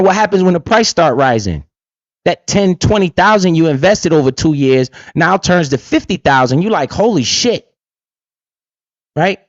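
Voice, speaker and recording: A man's voice: high voice, no echo. A man hosting a casual livestream, swaggering and profane, tossing in "right?" again and again. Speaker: livestream host. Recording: dull lo-fi dry sound.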